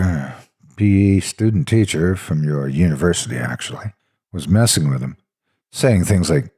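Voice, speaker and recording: A man's voice: deep voice, darkish tone, slightly rough, full character voice. A man voicing a blunt, protective male special ed teacher who talks earnestly and swears freely.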